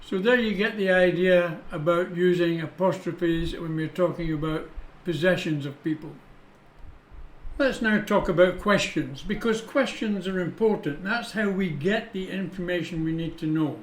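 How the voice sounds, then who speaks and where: A man teaching English punctuation, patient and deliberate, stopping to spell out each rule. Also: sits high. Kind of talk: explaining punctuation with read-out examples. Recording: echoey room.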